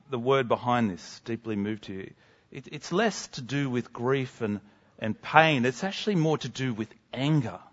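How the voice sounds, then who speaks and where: A man preaching a sermon in an earnest, emphatic way, dropping to soft, slow lines for drama. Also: fairly high pitch, muffled recording.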